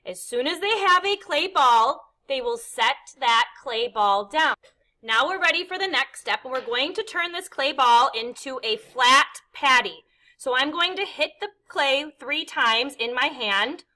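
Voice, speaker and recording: A woman teaching a kindergarten clay lesson, with a high voice that sits above most women's. Her tone is bright and clear as she explains each step patiently and counts along with the actions. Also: expressive, a little slow. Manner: patient, step-by-step, counts aloud and makes meow sounds. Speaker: art teacher. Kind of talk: instructional demonstration.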